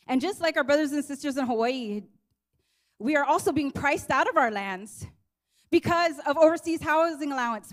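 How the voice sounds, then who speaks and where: A woman from Guam speaking at a teach-in, an earnest and impassioned activist giving a rally speech. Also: high-pitched. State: emotional, near tears. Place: teach-in event hall.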